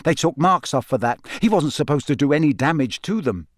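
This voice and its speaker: A man's voice: fairly high pitch, expressive, normal speed, no echo, close to an everyday voice. Eager, rambling teenage boy wizard in an audiobook, read by a man in a lightly raised voice, close and dry. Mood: excited. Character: excitable teenage boy wizard, chatty best friend. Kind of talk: audiobook character reading.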